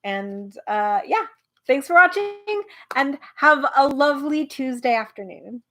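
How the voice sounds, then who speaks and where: A woman's voice: high-pitched, measured pace. Woman reading a storybook aloud, a little tired. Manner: animated narration, chatty and informal when talking to viewers. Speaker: host reading a book aloud. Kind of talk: live read-aloud storytelling.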